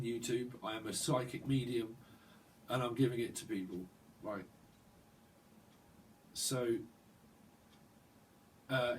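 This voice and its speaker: Guy rambling through a tarot reading, mid pitch, bit far from the mic, faint hiss. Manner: rambling, free-associating, many "like" and "right?" tags. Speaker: tarot reader.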